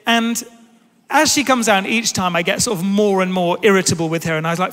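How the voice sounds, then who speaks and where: Guy in his 30s preaching, high voice, lively storytelling, big echoey church hall. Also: normal speed. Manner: animated, self-deprecating storyteller. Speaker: pastor. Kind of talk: sermon with personal storytelling.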